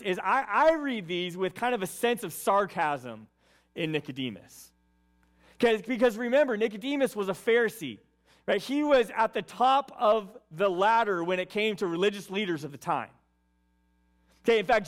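A man preaching a conversational sermon, reading scripture and often checking in with "right?" and "okay". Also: high-pitched. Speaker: pastor.

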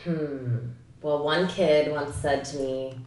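A woman's voice: low voice, fairly even intonation, a little mellow, distant mic. A young woman co-hosting a podcast, chatting casually in a blunt, sassy, joking way. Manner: sassy, blunt, quick to joke. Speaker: podcast co-host. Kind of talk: casual chat. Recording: echoey room, voice off-mic.

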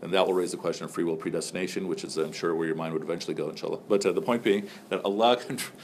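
Rapid-fire and relaxed, a man with a lower voice runs his class like a chat, cracking jokes, quizzing students, and leaning heavily on fillers such as "so" and "like." There's a faint hiss under the audio.

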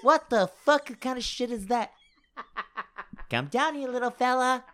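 A man doing a wisecracking Italian-American gangster impression in a high, brassy bark. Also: measured pace, a bit bright, clear, resonant tone. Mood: scornful.

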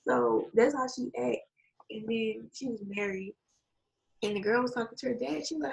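A woman in casual chat, retelling a story with lively acted-out quotes, swearing and laughing often. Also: on the high side, fairly quick, vocal fry, muffled recording. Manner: animated storytelling, acts out quotes.

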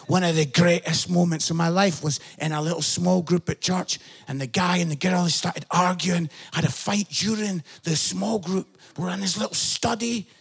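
A middle-aged man preaching a sermon as pastor, telling family stories with animated bursts of shouted emphasis and a habit of asking "yeah?". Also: high voice, moderate pace, vocal fry, breathy edge.

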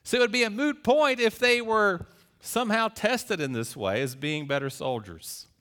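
Bright-voiced man preaching a sermon. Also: high-pitched, lively intonation, moderate pace. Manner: earnest storytelling, rising to emphatic peaks. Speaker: pastor.

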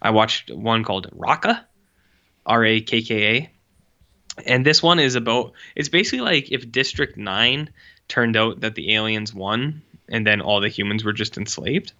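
A podcast co-host reviewing short films chats casually, rambling and sarcastic and saying "like" constantly. His fairly low voice is expressive, bright and forceful at a normal speed, though the audio sounds dull.

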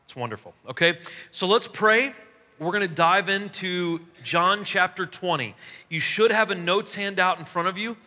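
Bright, chatty preacher in a reverberant hall. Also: male voice, sits high, normal speed. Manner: chatty, self-mocking, laughs at his own stories. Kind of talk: casual sermon with stories. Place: large church hall.

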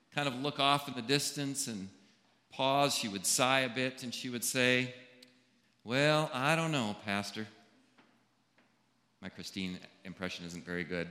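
A male pastor preaching a funeral sermon, unhurried and measured, leaving long pauses between phrases. His voice is bright and forward. It rings out through an echoey church hall with a long reverb tail. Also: mid-range voice. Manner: slow, deliberate delivery with long pauses.

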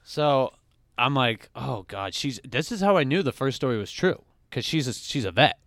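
A man's voice: mid-range voice, normal speed, no room sound, studio quality. A young man telling a crude story in casual chat, swearing often and acting out the voices of the people he quotes. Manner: animated, swears a lot, acts out quoted voices.

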